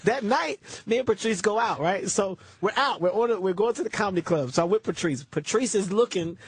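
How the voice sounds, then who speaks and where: A male comedian telling an animated story on a radio show, acting out other people's lines, with loud laughter behind him. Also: high-pitched, fairly quick, husky, no echo. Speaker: comedian guest.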